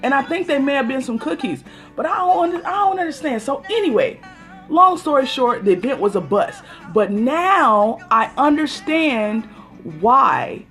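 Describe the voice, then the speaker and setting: A woman's voice: high voice, animated, moderate pace, a bit bright, soft background music. A woman hosting a casual phone livestream, telling an exasperated story and greeting viewers by name as she goes. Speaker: livestream host.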